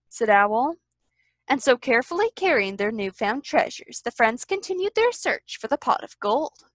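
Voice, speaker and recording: Library storyteller, woman, lively sing-song read-aloud, fairly high. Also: a little slow, no echo.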